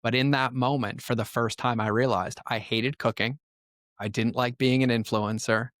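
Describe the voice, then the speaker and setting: A man's voice: mid-range voice, fairly even intonation, fairly bright tone, dry recording, studio quality. A man as a podcast guest, telling his life story in an earnest, emphatic way. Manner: earnest, emphatic, quick to act out quotes. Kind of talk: personal storytelling in conversation.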